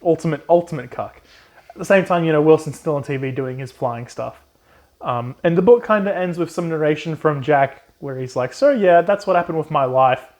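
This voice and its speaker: A young man co-hosting a casual book recap, swearing freely and quickly acting out the characters in put-on voices. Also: a little high, a little mellow. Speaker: podcast co-host.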